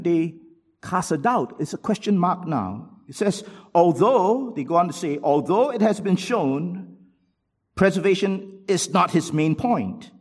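A man preaching a sermon, swinging between loud rhetorical questions and low asides, and reading quotations aloud from books.

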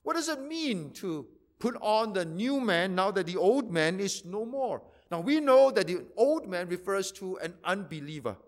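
A pastor preaching a sermon, repeating phrases for emphasis and swinging from loud to quiet. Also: male voice, high-pitched, very animated, moderate pace.

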